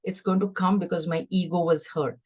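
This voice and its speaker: A woman's voice: on the low side, steady tone, fairly quick, a little mellow, husky, lo-fi sound. A middle-aged woman giving a scripture class, teaching earnestly and conversationally with stories. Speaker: spiritual teacher.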